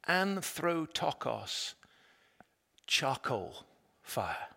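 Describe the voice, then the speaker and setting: A man preaches slowly, with a voice pitched a little high. He retells the story dramatically, rising to loud emphasis and dropping to a hush. His words ring with the long reverb of a large hall. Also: big pitch swings, gravelly. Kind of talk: sermon.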